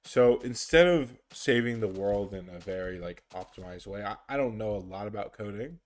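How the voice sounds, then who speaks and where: A man's voice: fairly low pitch, animated. A man giving casual, rambling commentary over his gameplay, with lots of fillers and restarts. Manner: rambling, filler-heavy, unhurried. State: sleepy, yawning. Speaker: gaming YouTuber.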